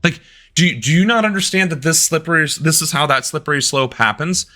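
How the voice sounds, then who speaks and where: A man's voice: on the high side, fairly quick, bright, forceful tone. A man doing live-stream reaction commentary on politics, ranting angrily and with heavy profanity.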